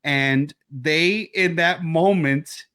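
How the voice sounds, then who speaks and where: A man co-hosting a horror film podcast over a remote call, retelling scenes with swearing and sudden high-voiced bits. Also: very slow, clean tone. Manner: animated, swearing, acts out scenes in high yelps. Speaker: podcast co-host. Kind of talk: casual film chat.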